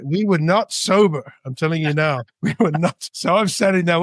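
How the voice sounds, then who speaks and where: A middle-aged man raised in Spain, a podcast guest telling a story in a casual, animated way, jumping into high voices when he quotes people. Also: dry recording, clean studio sound. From Britain, raised in Spain.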